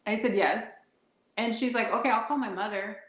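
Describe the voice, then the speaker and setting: A woman's voice: on the high side, a little fast, reverberant, low-quality recording. A woman telling a personal paranormal story as a guest, laughing often and acting out the lines of the people in it. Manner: laughs often while talking, acts out her own and others' quoted lines. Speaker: guest sharing a paranormal experience.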